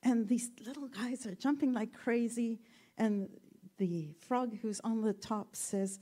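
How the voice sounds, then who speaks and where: Soft-spoken woman teaching, slow and unhurried, warm mellow tone. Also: fairly high pitch, lively intonation. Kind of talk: reflective talk with a story.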